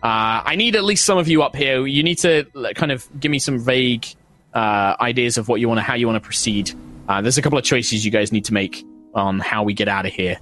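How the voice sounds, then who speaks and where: A man voicing a brisk, bossy woman starship captain who brushes off questions in a tabletop game. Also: mid-range voice, a bit bright, faint music behind, natural voice.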